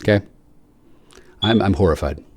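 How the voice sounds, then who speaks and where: A man's voice: low voice, normal speed, darkish tone, breathy edge, dry recording. A man delivering an angry, profane solo rant, stammering through restarts as he jabs at his listeners.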